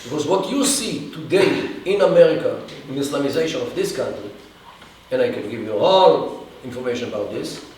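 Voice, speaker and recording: A man answering an audience question in a halting lecture style, with many restarts and pauses. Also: medium pitch, animated, darkish tone. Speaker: guest speaker. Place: event hall. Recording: echoey room from far off, faint hiss.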